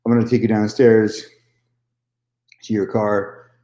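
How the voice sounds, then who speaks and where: A man's voice: on the low side, flat delivery, unhurried, warm tone, roomy sound. A man telling a personal story in a casual vlog monologue, candid and repetitive, swearing freely. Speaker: vlogger.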